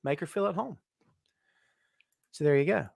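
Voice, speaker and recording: A middle-aged man with a high-pitched voice hosts a casual live stream. He keeps up loud, joking, self-mocking banter as he greets viewers by name. The sound is dry and close, with no room echo. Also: moderate pace, vocal fry. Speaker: host.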